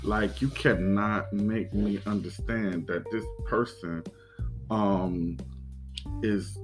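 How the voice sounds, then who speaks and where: Slow, low-voiced man telling his story. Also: fairly even intonation, over music, rough recording. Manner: halting and reflective, with many pauses and restarts. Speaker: podcast host. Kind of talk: personal storytelling.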